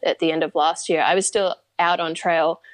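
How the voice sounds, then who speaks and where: Enthusiastic aussie woman guest, kinda low voice, laughs easy. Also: steady tone, normal speed, no echo. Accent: Australian. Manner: upbeat, enthusiastic, laughs easily. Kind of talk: casual interview chat.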